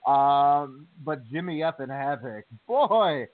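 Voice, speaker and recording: A man co-hosting a wrestling talk show, telling stories in a chatty, animated way. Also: on the high side, moderate pace. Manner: chatty, animated storytelling with fillers. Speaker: podcast co-host. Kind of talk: casual chat. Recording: tinny phone line.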